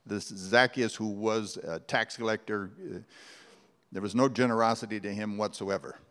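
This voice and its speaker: A man's voice: lowish voice, steady tone, moderate pace, fairly bright tone. A man preaching a sermon, earnest and conversational, with rhetorical questions. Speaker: pastor. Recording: long hall reverb.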